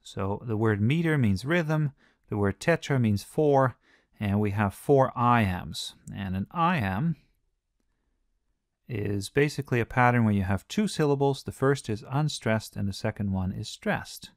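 A man teaching a close reading of a poem in a relaxed, conversational way, often pausing with "uh". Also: mid-range voice, no room sound. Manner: relaxed, conversational, frequent "uh" fillers. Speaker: literature teacher. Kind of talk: explanatory lesson.

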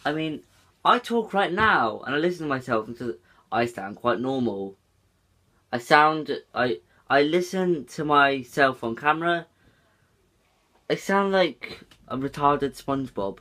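A man's voice: a little high, expressive, a little slow, bright, forceful tone. A young man chatting casually for a vlog, rambling and swearing often. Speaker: YouTuber.

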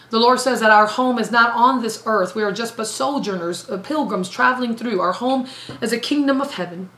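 A woman's voice: a little high, bright, forceful tone. A woman evangelist preaching a sermon emphatically, repeating phrases for stress. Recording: roomy echo.

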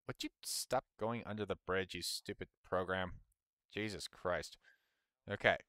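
A man's voice: low-pitched, a little slow, bright, forceful tone, dry recording, studio quality. A man streaming a game, grumbling at it and laughing at himself as he talks. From United States. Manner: grumbling at the game, self-mocking, laughs often. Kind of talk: casual gameplay commentary.

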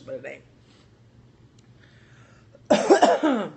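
A woman telling a story on a casual livestream, animated, joking and profane. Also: a little high, moderate pace, background noise. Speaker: livestream host.

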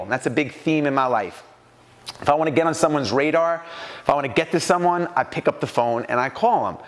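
An animated man from New York delivers a storytelling keynote to a business crowd. His voice sits a little high, and he jumps into the voices of the people in his stories. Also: in a large hall. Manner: animated, acts out quoted voices. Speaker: speaker at a business mastermind.

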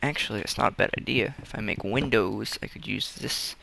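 A man's voice: fairly low pitch, very animated, moderate pace, vocal fry, fairly bright tone, a little hiss or hum. A young man giving playful let's play commentary, talking to himself with sing-song noises. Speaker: gamer.

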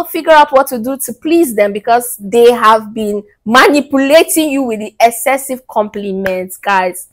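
A young woman giving casual relationship advice to men, lively and blunt, acting out the people she quotes. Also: fairly high pitch. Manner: animated, mocking quoted voices, laughs.

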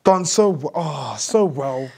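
A man's voice: on the high side, lively intonation, slow pace, creaky, dark tone, breathy edge. A young man with a London accent, chatting and teasing on a blind date in a cheeky, slangy way. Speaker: blind dating contestant. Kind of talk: casual chat.

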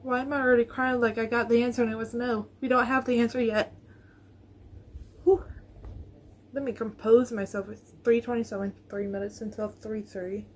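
A woman's voice: a little high, flat delivery, normal speed, a little hiss or hum. A woman vlogger chatting to viewers in a casual reaction video, nervous and rambling, recorded on her phone.

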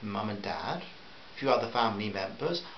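A man voicing a gentle, earnest husband, in a roomy, slightly dull recording with faint hiss. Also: lowish voice, lively intonation, normal speed.

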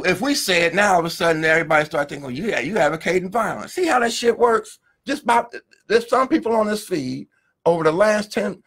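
His voice is a little high and a bit bright. The speaker, a middle-aged law professor, is on a live video feed via phone or webcam, angrily cursing his way through a heated rant full of rhetorical questions and repeated words.

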